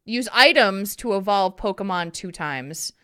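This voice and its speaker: A talkative woman hosts a casual podcast, giggling often and swinging her pitch up and down. Her voice is bright and mid-pitched. The sound is dry and close. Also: lively intonation, measured pace, clean tone, no room sound. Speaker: podcast host.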